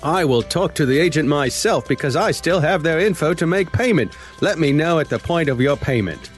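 A guy doing a pushy scam artist, fake aussie accent laid on thick, pitched up way above his normal voice, faint music underneath. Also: expressive, close to an everyday voice. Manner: deliberately bad Australian accent. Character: fast-talking grant scammer man, pushy.

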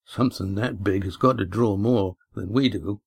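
A man voicing a male boat skipper who gives brisk orders to his crew. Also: lowish voice, creaky, breathy edge, no room sound, studio quality. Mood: commanding.

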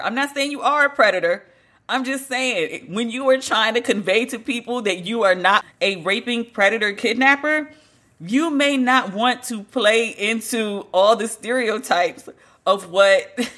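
Woman podcast host, mid-pitched and bright, casual commentary, wry and unfiltered. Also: animated, normal speed. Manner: blunt, profane, wryly joking. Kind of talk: casual pop culture commentary.

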